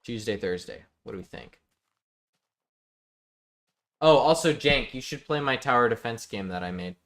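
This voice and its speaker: While live-streaming a building game, a man talks casually with his viewers, joking and reading chat aloud. His medium-pitched voice is expressive and fairly bright, at a moderate pace.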